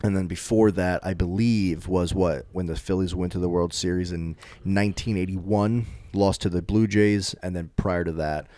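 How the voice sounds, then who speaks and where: A young man co-hosting a casual sports podcast, deadpan and skeptical as he recounts sports history. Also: low voice, moderate pace, hardly any pauses, no room sound. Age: young adult. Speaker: podcast co-host.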